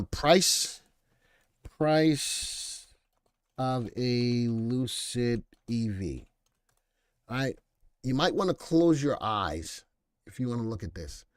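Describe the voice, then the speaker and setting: A man hosting a live stock market show, riffing and joking as he answers viewer comments. His voice sits at an ordinary middle pitch. It sounds dry and close, with no room echo. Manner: animated, joking, reads viewer comments aloud.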